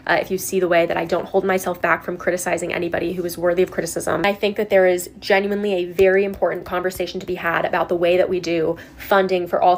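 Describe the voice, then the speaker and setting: A woman's voice: lowish voice, slight background noise. A woman in a video clip explaining herself defensively, with many fillers. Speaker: content creator in a clip.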